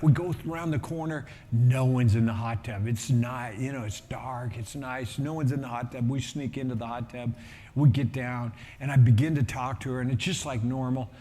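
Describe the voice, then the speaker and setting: A middle-aged man, a pastor, telling a story in a sermon with lively energy and acting out the voices of people in it. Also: high-pitched, big-room sound. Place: church auditorium.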